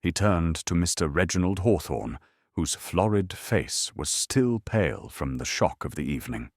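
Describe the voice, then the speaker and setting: A man reading a mystery story in a steady, descriptive narration. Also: deep voice, normal speed, a little hiss or hum. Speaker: audiobook narrator. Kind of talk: scripted narration.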